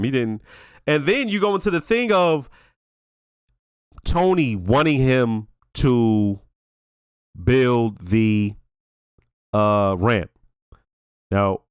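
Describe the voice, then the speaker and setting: A man's voice: mid-range voice, dry recording, clean studio sound. A man hosting a casual reaction and review, swearing freely and retelling scenes with exclamations. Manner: profane, animated storytelling with exclamations. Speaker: reaction video host.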